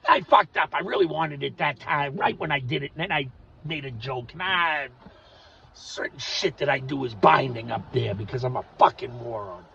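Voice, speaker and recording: An older man ranting profanely to camera in a home video, swinging between shouting and muttering, with a raspy, gravelly voice. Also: mid-range voice, normal speed, distant mic, muffled recording, slight background noise. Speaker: vlogger.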